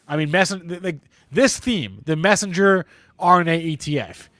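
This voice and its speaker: A man's voice: a little high, animated, moderate pace, a bit bright, no echo. A man hosting a live market show, congested with a stuffy nose and rambling in a self-deprecating way. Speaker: livestream host.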